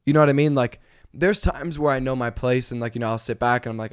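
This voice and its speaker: A man telling a story in a casual vlog, animated and swearing, with many fillers. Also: medium pitch, fast talker, clear, resonant tone, no echo, clean studio sound.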